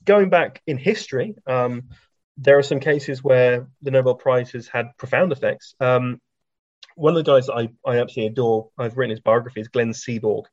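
A man telling anecdotes in a relaxed interview, chatty, full of ums and restarts, laughing at his own stories. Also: mid-range voice, normal speed, no room sound. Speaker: science author and guest. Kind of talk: anecdotal conversational storytelling. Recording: dry, slightly dull lo-fi recording.

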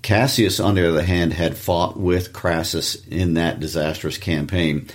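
A man co-hosting a casual literature lesson, giving quick background summaries with joking asides. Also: sits low.

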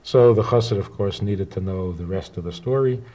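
A man telling a personal story, acting out the dialogue with halting restarts. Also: lowish voice. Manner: animated retelling with quoted dialogue. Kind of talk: spoken anecdote.

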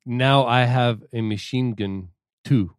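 Male co-host, mid-pitched, relaxed explainer, trails off softly, dry close mic. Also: takes it slowly, smooth, dry recording. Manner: explanatory, laid-back, drops low and quiet at ends. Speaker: podcast co-host. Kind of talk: casual chat.

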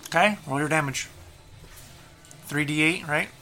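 A man's voice: a little high, a little slow, bright, forceful tone. Easygoing man running a tabletop game. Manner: easygoing, keeps the game moving. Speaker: dungeon master.

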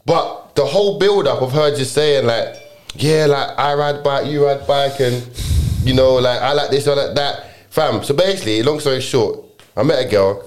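A man's voice: medium pitch, moderate pace. A young man with a London accent, telling a rambling story in casual chat, full of slang and restarts.

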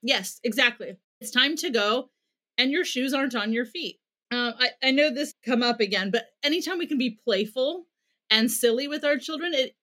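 A middle-aged woman speaking as a parenting expert in an interview. Her voice sits a little high, and she explains with earnest care, now and then acting out short bits of dialogue to show what she means. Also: fairly bright tone.

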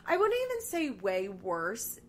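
A woman co-hosting a podcast, chatting casually and loosely. Her voice sits at a middle pitch, and her talk is full of fillers and easy laughter. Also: wildly swooping pitch, a little slow, a crowd in the background. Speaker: podcast co-host. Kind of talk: casual chat recapping a reality show.

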